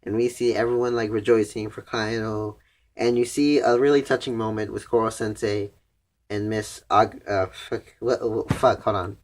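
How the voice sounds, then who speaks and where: A man's voice: lowish voice, fairly even intonation, moderate pace. Casual, cursing young man recapping anime. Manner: rambling, profane, heavy use of "like". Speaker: anime reviewer.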